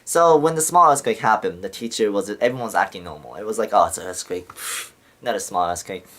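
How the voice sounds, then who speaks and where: A man's voice: on the low side, animated, a little fast, fairly bright tone. Young man rambling with heavy swearing. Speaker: vlogger. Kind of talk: casual storytelling to camera.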